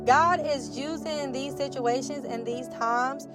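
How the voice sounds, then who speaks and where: A young woman talks straight to her viewers in a chatty, heartfelt way. Her voice sits high, and music plays under her. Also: slow. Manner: chatty, emotional, addresses viewers as y'all. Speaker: vlogger. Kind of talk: casual chat. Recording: music playing behind.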